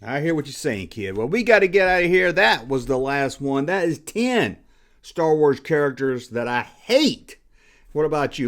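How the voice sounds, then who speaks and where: Blunt, exasperated Southern man ranting. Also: fairly high pitch. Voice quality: blunt, exasperated, emphatic repetition. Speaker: YouTube host. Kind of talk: casual ranting commentary.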